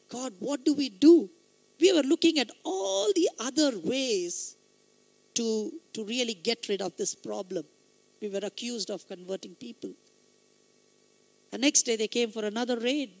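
Man preaching in a light, womanly voice. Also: vocal fry. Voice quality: light, high voice often taken for a woman's. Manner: emphatic storytelling, rising into loud exhortations. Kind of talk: sermon.

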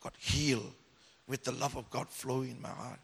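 A man, a pastor, telling a personal story in a sermon in an animated way, swinging between loud and hushed. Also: medium pitch, moderate pace, vocal fry, breathy edge. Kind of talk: sermon testimony.

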